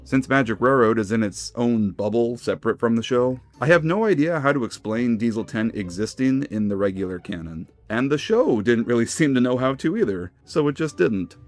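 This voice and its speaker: Lively man narrating a fan video essay. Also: medium pitch, a little fast, few pauses. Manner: enthusiastic, conversational fan commentary. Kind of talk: scripted narration.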